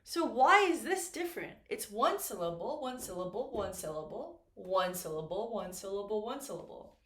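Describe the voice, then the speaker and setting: A woman teaching English at a board, speaking slowly and deliberately, often checking in with "right?" and "okay?". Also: mid-range voice, sing-song, a bit bright. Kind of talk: classroom grammar lesson at a board. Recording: echoey room.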